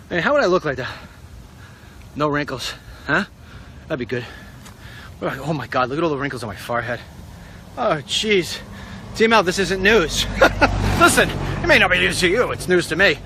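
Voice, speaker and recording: A middle-aged man telling a rambling story in a casual vlog, wry and animated. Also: on the high side, fairly quick, pauses often, slight background noise. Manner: wry, animated, puts on silly voices for quotes. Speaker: vlogger.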